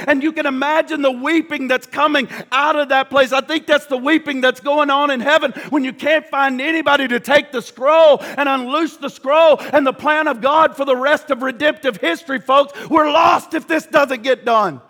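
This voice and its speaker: A man's voice: extremely high pitch, fairly even intonation, normal speed, hardly any pauses. Impassioned man preaching in a reverberant hall. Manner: impassioned, swinging from shouting to hushed. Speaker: pastor. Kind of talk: sermon.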